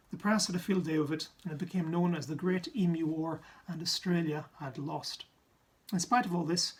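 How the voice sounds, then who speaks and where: Husky man from Ireland, comic science talk, quick asides, big pitch jumps. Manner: jokey, with sudden asides and pitch jumps for effect. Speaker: science comedian.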